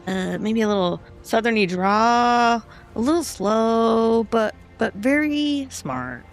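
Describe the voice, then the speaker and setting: A woman's voice: a little high, lively intonation, slow, faint music behind. A woman playing a tabletop game, chatty and playful. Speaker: player.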